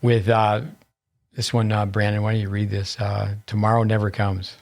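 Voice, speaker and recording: A man hosts a podcast interview in a rather low voice. His intonation stays flat and even. He guides the talk with questions and short stories of his own. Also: moderate pace. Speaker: podcast host.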